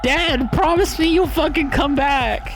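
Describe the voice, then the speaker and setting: A man playing a young girl, angry, tearful, whiny, high-pitched, swearing. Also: measured pace, background noise. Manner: whiny, profane outbursts.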